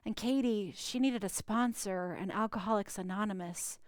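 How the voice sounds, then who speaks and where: A middle-aged woman preaching a sermon, with dramatic pauses and quiet, hushed stretches for emphasis. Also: mid-range voice, dry recording. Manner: dramatic pauses, drops to a near whisper for emphasis. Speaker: pastor.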